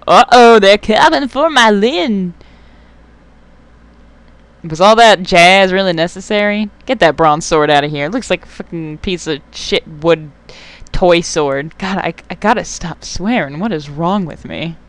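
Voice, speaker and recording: Here a young gamer riffs through a let's play, cursing frequently, getting riled up and talking back at the screen. Speech comes at a normal pace in a medium-pitched, fairly bright, clear and resonant voice.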